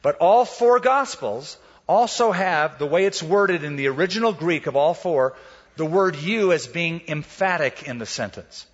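Pastor preaching in an echoey hall. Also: male voice, fairly high pitch, unhurried. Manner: animated storytelling, acts out quotes. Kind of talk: sermon. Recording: dull, echoey hall recording.

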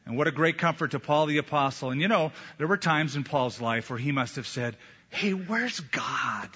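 A man preaching a sermon as a pastor, emphatic, with slow deliberate pauses. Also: fairly high pitch, pushed and bright. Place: church sanctuary. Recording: echoey hall, dull lo-fi sound.

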